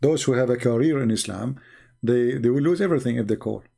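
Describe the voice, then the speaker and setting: A man's voice: mid-range voice, fast talker, gravelly, warm tone, slightly rough. A man with a non-hosting a live stream, retelling debates and acting out what others said in a raised voice, often repeating words and restarting sentences.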